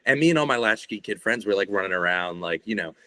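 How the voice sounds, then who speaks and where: A man's voice: fairly low pitch, expressive, fast, pushed and bright, no room sound. A young man, a guest on a podcast, talking in a rambling, laid-back way and swearing often. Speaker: guest, shirt artist. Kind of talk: casual podcast conversation.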